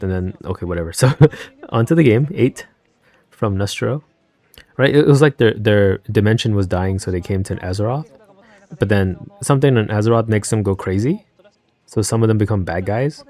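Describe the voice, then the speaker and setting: A man's voice: lowish voice, darkish tone. A man, a card game YouTuber, giving casual live reaction commentary on a match, thinking aloud and rambling into chatty asides.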